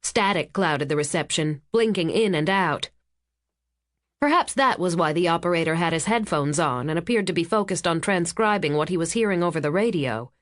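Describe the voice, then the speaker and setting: Low-voiced woman narrating a thriller. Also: animated, moderate pace, dry recording, clean studio sound. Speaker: audiobook narrator. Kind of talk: scripted narration.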